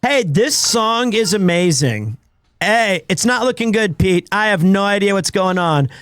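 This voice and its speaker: A man's voice: high voice, expressive, measured pace, fairly bright tone, clean tone, no room sound, clean studio sound. A man chatting casually on a gaming live stream, telling rambling stories with lots of restarts. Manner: rambling anecdotal storytelling with many restarts.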